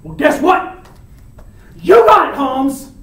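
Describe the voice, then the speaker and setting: A man voicing a hot-headed teenage boy, loud and frantic, talking in an everyday way. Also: very high-pitched, big pitch swings, takes it slowly, voice pushed up, full character voice. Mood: furious. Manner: pleading, yelling, frantic. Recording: echoey room, mic at a distance.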